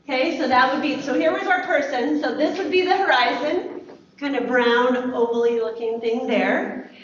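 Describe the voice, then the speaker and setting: A woman teaching a lively classroom lesson, asking the students questions and praising their answers. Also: high voice, a little hiss or hum. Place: school classroom. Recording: echoey classroom from far off, dull.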